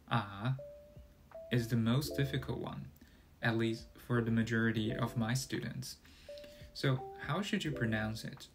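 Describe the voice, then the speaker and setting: Slow-speaking teacher, man. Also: mid-range voice. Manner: slow, deliberate explaining with sung tone demonstrations. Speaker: Chinese teacher. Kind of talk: scripted podcast lesson. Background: guitar music.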